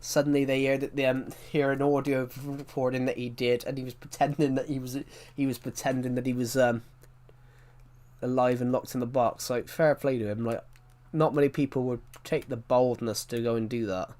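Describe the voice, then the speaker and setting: A man's voice: medium pitch, steady tone, moderate pace, a little mellow. A man livestreaming a game, telling stories in a rambling casual chat and often correcting himself mid-sentence. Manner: rambling storyteller, frequent self-corrections.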